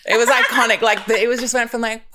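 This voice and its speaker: A woman's voice: a little high, fairly even intonation, fast, heavy background noise. A young woman guest on a podcast, telling a dramatic story with lots of swearing and acted-out voices. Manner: dramatic, swears freely, acts out quoted people. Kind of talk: animated storytelling.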